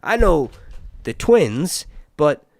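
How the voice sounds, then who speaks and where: Lively, rambling male live-streamer. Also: fairly high pitch, extremely slow, no echo, clean studio sound. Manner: rambling, joking, teasing chat viewers. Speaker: live stream host reviewing a TV series. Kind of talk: casual live-stream chat, reading viewer comments.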